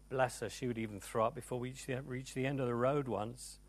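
A man preaching a sermon to a church congregation, emphatic and animated, moving from loud cries to hushed tones. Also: medium pitch, fairly quick, hardly any pauses. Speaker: pastor. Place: church service before a congregation.

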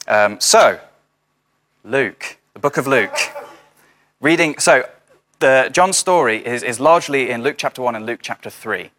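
A man's voice: fairly low pitch, fairly bright tone. A young man giving an informal sermon over a video call, chatty, with many fillers and dry jokey asides. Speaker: house church speaker.

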